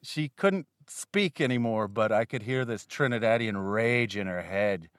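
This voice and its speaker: A man's voice: medium pitch, unhurried, a bit bright, no echo, clean studio sound. A man from Canada, a guest comedian in a casual podcast chat, rambling and swearing freely with a self-deprecating streak.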